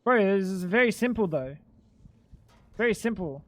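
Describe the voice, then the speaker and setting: A high-voiced man chatting casually while he streams a game. He explains bluntly, often sounds exasperated and swears freely. His voice sits close and dry, with no room sound at all. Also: lively intonation, moderate pace, no room sound. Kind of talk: casual livestream chat while gaming.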